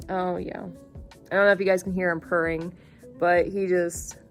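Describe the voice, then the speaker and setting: A young woman vlogger talking casually about her cat, halting with many fillers and fighting back tears. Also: lowish voice, little pitch movement, soft background music. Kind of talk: casual vlog.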